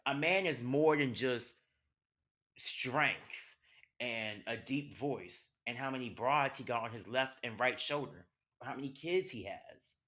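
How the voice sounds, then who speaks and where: Speaking a little slowly in a sharp-toned, mid-range voice, a young podcast host talks through a personal monologue. It's passionate and conversational, and he keeps firing off rhetorical questions.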